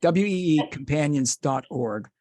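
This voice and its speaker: A man's voice: medium pitch, animated, normal speed, dark tone, no echo. A man hosting a podcast interview, emotional and rambling, joking about himself. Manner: emotional, rambling, self-deprecating. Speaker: podcast host. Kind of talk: casual interview chat.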